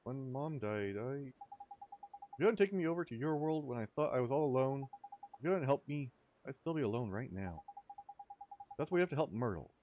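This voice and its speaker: A man voicing an earnest young boy hero who speaks softly and hesitantly. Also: mid-range voice, lively intonation, brisk, pauses often, a little hiss or hum, natural voice. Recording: faint music behind.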